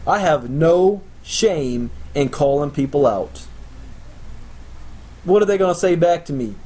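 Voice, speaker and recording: A man's voice: fairly high pitch, expressive, unhurried, long pauses, mellow. Blunt, pushy man lecturing trainees. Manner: blunt, confrontational, boastful. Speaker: sales team trainer. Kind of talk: recorded motivational training talk.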